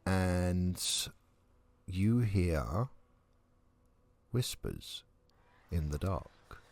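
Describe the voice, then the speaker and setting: A man narrating a tabletop game as dungeon master, calm and measured with some hesitant fillers. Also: low voice.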